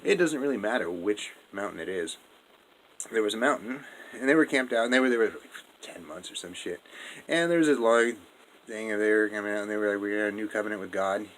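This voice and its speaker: A man's voice: fairly low pitch, a little fast, a bit bright, close to an everyday voice, low-quality recording. Sex: man. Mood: rambling. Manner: rambling, slangy, full of fillers and swearing. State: drunk. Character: drunk rambling male Jesus, laid-back slacker. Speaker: narrator. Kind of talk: comedic monologue retelling a story.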